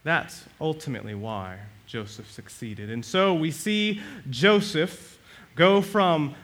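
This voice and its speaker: A male pastor preaching a sermon, animated, swinging between loud and soft and acting out the quotes. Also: a little high, takes it slowly.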